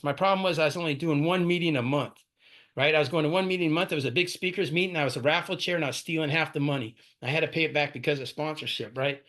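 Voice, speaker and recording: A man's voice: on the high side, a bit bright. A man in his forties tells his recovery story at a meeting, casual and full of "right?" and "man". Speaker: AA speaker sharing his story. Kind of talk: personal recovery talk.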